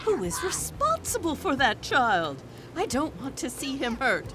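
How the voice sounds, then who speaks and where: A woman's voice: sits high, huge pitch swings, measured pace, very noisy, full character voice. A woman playing a prim, fussy lady who talks in a disapproving way in an audio drama.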